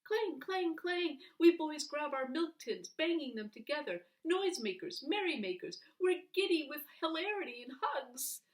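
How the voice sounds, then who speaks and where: A woman reading a children's book aloud in an expressive, animated way, with dramatic pauses. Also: high-pitched. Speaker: reader. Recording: voice heard from a distance.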